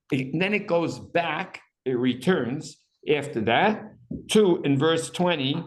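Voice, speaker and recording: A man teaching a small class in a room, talking in a fairly high voice. He reads Hebrew passages aloud and acts out their cries with animated emphasis. The room adds a strong echo. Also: normal speed. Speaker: teacher leading a text study class. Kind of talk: classroom Bible lesson.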